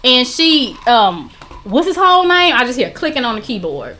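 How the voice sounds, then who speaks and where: Bright animated woman telling a story. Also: high-pitched, moderate pace. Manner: animated, acts out quoted voices. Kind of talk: casual storytelling.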